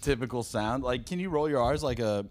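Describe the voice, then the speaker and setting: A man's voice: mid-range voice, a little fast, a little mellow, a little hiss or hum. A young man co-hosting a casual podcast, teasing his friend with crude jokes and laughter. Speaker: podcast co-host.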